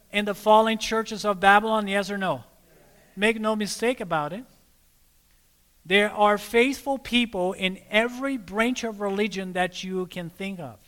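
Male preacher, high and bright, call-and-response sermon style. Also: smooth, in a large hall. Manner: prompts listeners to fill in words, calls them friends.

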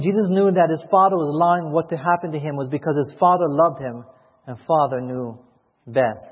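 A man's voice: fairly high pitch, breathy edge. A man preaching a sermon as a pastor, pleading emotionally and asking repeated questions to his church. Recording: echoey hall, muffled lo-fi sound.

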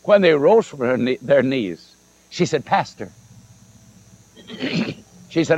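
A man's voice: fairly high pitch, a little slow, no echo, rough recording. A man preaching a sermon, telling stories and acting out the dialogue of the people in them. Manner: animated storytelling, acts out quoted dialogue. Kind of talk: old-time sermon with told stories.

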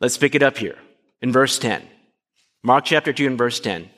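A man's voice: medium pitch, moderate pace. A man preaching a sermon, asking his listeners questions and acting out short dialogues. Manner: animated, asks the congregation questions. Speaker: pastor. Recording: long hall reverb.

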